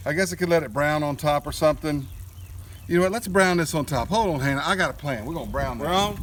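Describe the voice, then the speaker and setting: A man's voice: high voice, background noise. A middle-aged man hosts a casual cooking vlog outdoors at a grill, joking and chatting with his kids in a folksy way. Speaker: cooking show host and father.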